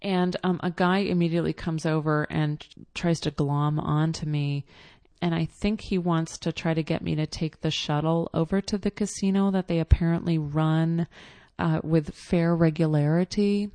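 A woman's voice: deep voice, fairly even intonation, moderate pace, mellow, dry recording. A woman telling a casual personal story in a chatty, exasperated way with lots of fillers.

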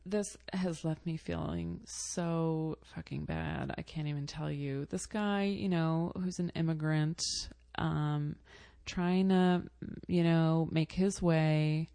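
Low, gravelly woman telling a story. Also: steady tone, dark tone, no echo. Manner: rambling, halting, many fillers and self-corrections. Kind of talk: casual spoken storytelling.

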